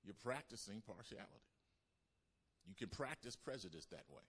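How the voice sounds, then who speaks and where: Man, pastor, sermon, call-and-response, repetitive lists, loud emphatic bursts. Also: on the low side, sing-song, moderate pace, pauses often, slightly rough.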